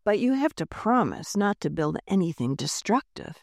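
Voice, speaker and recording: A woman voicing a calm, proud schoolteacher who speaks matter-of-factly. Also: medium pitch, moderate pace, dry recording, studio quality.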